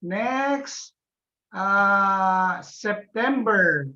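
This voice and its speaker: A man leads an online lesson at an unhurried pace, his voice bright and clear-toned. He patiently drills pronunciation and echoes each answer back. The audio is dull and lo-fi, as over a video call. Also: high voice. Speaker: teacher.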